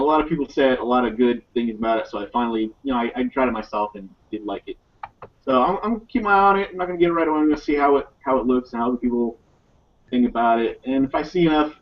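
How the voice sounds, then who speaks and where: A man speaks on a casual podcast in a mid-range voice, hesitant and measured, often restarting his words. The recording sounds dull and lo-fi. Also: mid-range voice, recorded from a distance. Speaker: podcast guest. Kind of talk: casual chat.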